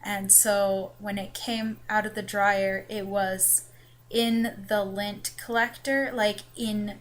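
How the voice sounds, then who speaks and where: A woman's voice: mid-range voice, flat delivery, slow. A young woman with an accent that drifts between New York and the American South, chatting casually through a journal vlog with lots of fillers and restarts. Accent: mixed New York and Southern US. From the Carolinas. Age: young adult. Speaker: vlogger. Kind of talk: casual chat. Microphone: webcam. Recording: webcam with faint background noise.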